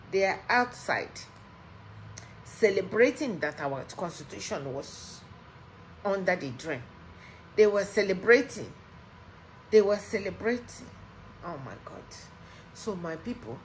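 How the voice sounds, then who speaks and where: A woman's voice: on the low side, a little hiss or hum, poor audio. Heated Nigerian woman ranting. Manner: heated, repetitive, emphatic. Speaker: vlogger. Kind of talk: impassioned political rant.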